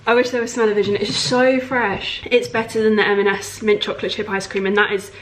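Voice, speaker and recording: A young woman chatting casually in a home vlog, bubbly and often dropping into a soft half-whisper. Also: mid-range voice, flat delivery, quick pace, a little hiss or hum. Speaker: vlogger.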